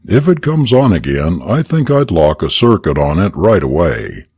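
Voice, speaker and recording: A man's voice: sits low, sing-song, normal speed, darkish tone, breathy edge, exaggerated voice. A man doing a weary, offhand night-shift operator.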